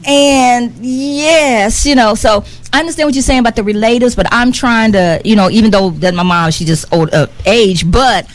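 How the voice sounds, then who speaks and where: A woman's voice: fairly high pitch, normal speed, few pauses. A middle-aged woman talking heartfelt and earnest, often repeating herself as she searches for words. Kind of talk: heartfelt conversational talk.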